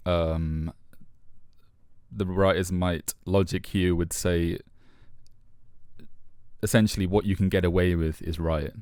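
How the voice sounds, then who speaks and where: A man co-hosting a podcast, talking through a philosophy book in a thoughtful, halting way with many fillers. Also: deep voice, fairly even intonation, a little mellow, smooth, dry recording, clean studio sound. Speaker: podcast co-host. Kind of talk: casual book discussion.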